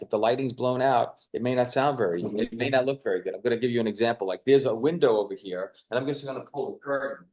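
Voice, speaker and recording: Man, webinar co-host, mid-pitched voice, relaxed rambling delivery, clip-on mic, video call. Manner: relaxed, rambling, hesitant with fillers. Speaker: co-host, media coach. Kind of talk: webinar advice talk. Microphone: lavalier on a video call.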